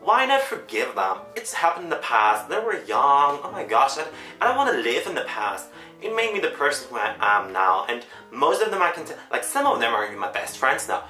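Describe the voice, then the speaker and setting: A vlogger in her twenties chats casually to the camera in English, which isn't her first language, talking a little fast, rambling, and correcting herself along the way. Her bright voice swings widely up and down in pitch. The room echoes, and faint music plays underneath.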